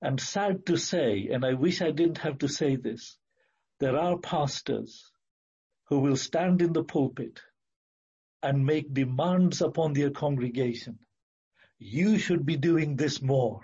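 A man preaching a sermon in an earnest, emphatic way, repeating key phrases and slowing down to stress words. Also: fairly high pitch, warm tone, breathy edge, dull audio.

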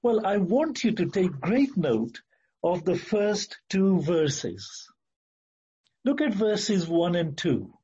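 A man delivers a sermon at a slow, measured pace, stressing key words and stumbling over occasional fillers. His voice is husky and mellow and sits a little high for a man. The recording sounds dull and lo-fi. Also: sing-song. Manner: slow, deliberate, emphatic with hesitant fillers. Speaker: preacher.

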